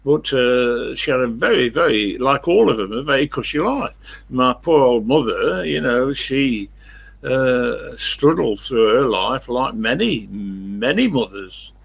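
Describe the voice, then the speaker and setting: A man's voice: medium pitch, lively intonation, a little slow, creaky, husky. An older man hosting a live stream, chatting in a rambling, blunt way, swearing freely and correcting himself as he goes.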